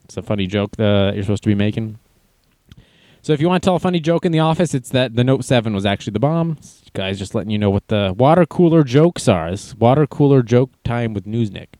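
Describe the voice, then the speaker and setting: A man's voice: medium pitch, animated, fast talker, warm tone, no room sound. A man casually reading news aloud and adding wry, jokey asides as an online commentator.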